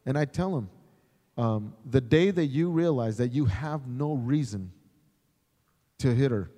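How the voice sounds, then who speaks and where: A middle-aged man, a chaplain, teaching in a sermon style, animated, acting out the voices he quotes. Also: medium pitch, long reverb tail. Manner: animated, acts out quoted voices, repeats words when starting. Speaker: chaplain and pastor.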